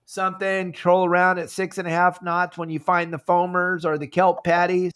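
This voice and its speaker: A man's voice: high voice, flat delivery, moderate pace, fairly bright tone, clean tone. A man hosting a fishing podcast over a video call, talking casually and acting out phone calls with members in a raised voice. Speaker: fishing show host.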